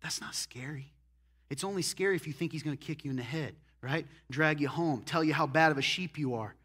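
A man preaching a sermon as pastor, animated, moving between loud emphatic lines and hushed, intense ones. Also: on the high side, fairly quick, slightly rough.

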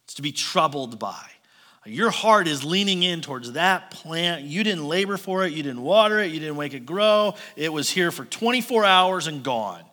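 Male pastor, high and bright voice, animated sarcastic storyteller. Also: normal speed. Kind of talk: sermon.

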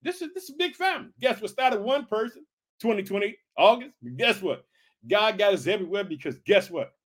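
Fervent high-voiced man preaching. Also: lively intonation, fairly quick, fairly bright tone. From Illinois, United States. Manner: fervent, repetitive calls of "guess what" and "hallelujah". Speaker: podcast preacher. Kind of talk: energetic podcast sermon.

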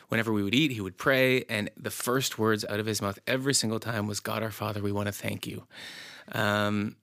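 A man on church staff talking about his prayer life in a relaxed, reflective podcast conversation. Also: fairly low pitch, no room sound, studio quality.

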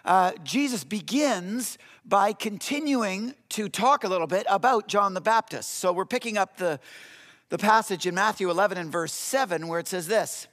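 A man with a fairly high voice preaches a sermon as a pastor. He talks in a loose, conversational way and often stops to rephrase. The sound carries a long reverb. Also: moderate pace, a bit bright. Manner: conversational, with frequent fillers and restarts.

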